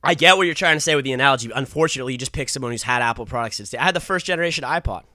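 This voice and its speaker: A young man co-hosting a casual sports podcast, getting animated and fired up as he argues his point. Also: mid-range voice, very fast, no echo, clean studio sound. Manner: animated, gets fired up arguing. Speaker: podcast co-host.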